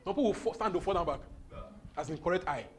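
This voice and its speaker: A man's voice: high voice, expressive, quick pace, background noise. A man preaching a charismatic sermon, exuberant and often laughing as he repeats his phrases.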